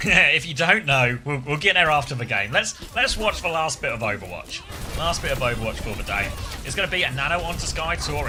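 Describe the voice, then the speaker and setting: A man casually co-streaming an esports match from the south of England, chatting with his viewers and laughing often. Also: medium pitch. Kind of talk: casual live co-stream commentary.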